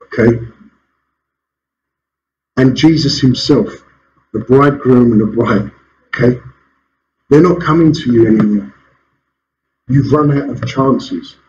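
A man's voice: medium pitch, slow pace, pauses often, darkish tone, highs cut off, a little hiss or hum. A man preaching a sermon as pastor in a church, asking rhetorical questions and chuckling between points. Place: church hall.

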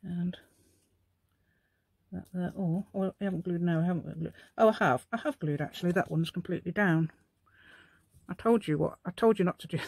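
This middle-aged crafting channel host demonstrates a project while rambling and chatting to herself in a playful, mock-posh telephone voice. Her lowish, darkish voice moves at a moderate pace with fairly even intonation, and the recording is dry.

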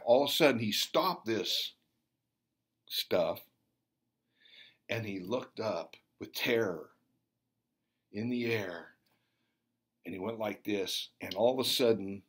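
A man's voice: fairly low pitch, breathy edge. A man preaching and telling of a vision, with emphatic, fervent exhortation. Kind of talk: sermon testimony.

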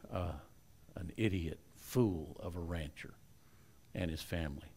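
A male pastor with a low voice preaches a sermon a little slowly, leaving long pauses. He retells a Bible story, swinging lively between loud and hushed delivery and making chatty asides to the congregation.

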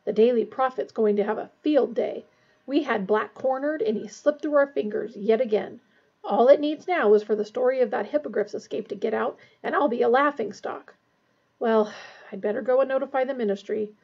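A woman's voice: a little high, a little fast, breathy edge, dull audio. A woman voicing a flustered, pompous male minister who blusters and frets. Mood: fretful. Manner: blustering, puffing.

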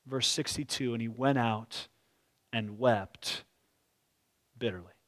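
A pastor preaching a sermon in a church, telling the story expressively and dropping to quiet, slow tones at solemn moments. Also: male voice, mid-range voice.

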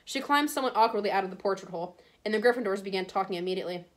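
A woman teacher reads a chapter aloud to her class in a steady storybook voice. Her voice sits at an ordinary middle pitch. She trips over a word now and then and calmly goes back to correct it. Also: very fast. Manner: steady, with small stumbles and self-corrections. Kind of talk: reading a novel aloud.

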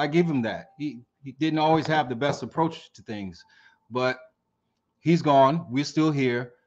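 A man on an imams' panel, speaking in a measured, steady way with many pauses. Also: fairly high pitch. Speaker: imam on a roundtable. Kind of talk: panel discussion. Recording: dull lo-fi audio.

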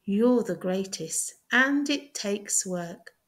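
A woman tutor reading a children's story aloud, clear, deliberate and expressive. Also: mid-range voice.

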